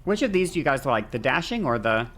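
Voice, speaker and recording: A woman's voice: very deep voice, very animated, fast talker, a bit bright, faint music behind. A woman talking to her stream audience while she plays a game. She rants in a loose, casual way, swearing heavily and tripping over her own sentences as she restarts them. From not American. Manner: ranting, heavy swearing, frequent restarts.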